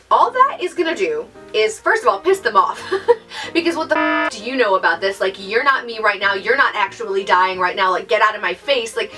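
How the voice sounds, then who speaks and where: High bright exasperated young woman. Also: far from the mic. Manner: exasperated, sarcastic, mocks others in high voices. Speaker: YouTuber. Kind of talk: casual vlog rant.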